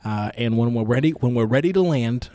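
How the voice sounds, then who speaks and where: A man's voice: mid-range voice, brisk. A man co-hosting a casual podcast who jokes around and laughs often. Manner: joking, animated, laughs often. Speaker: podcast co-host. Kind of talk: casual chat.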